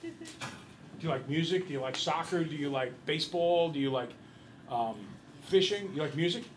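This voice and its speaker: A man teaches a classroom math lesson in a chatty, lively way, trading quick questions with his students. His voice sits a bit high for a man, with a faint hum of ambient noise behind him. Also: rough recording. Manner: lively, chatty storyteller who quizzes the class. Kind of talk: classroom lecture with storytelling.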